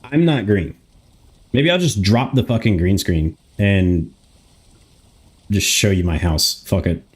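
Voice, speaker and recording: A man's voice: lowish voice, slow pace, breathy edge. A young man live streaming from a room in his home, chatting casually, grumbling to himself and swearing often.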